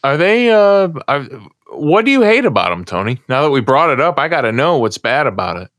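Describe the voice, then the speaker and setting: A man's voice: a little high, sing-song, fairly quick, a bit bright, dry recording, clean studio sound. A man from the United States, co-hosting a casual podcast chat, telling a long story with many restarts. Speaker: co-host.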